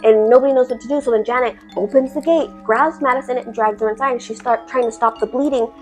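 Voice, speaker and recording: A woman tells a horror story in a loose, casual way, animated and heavy on swearing and fillers like "like." Her voice sits a little high. Faint chime music plays behind her. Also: quick pace.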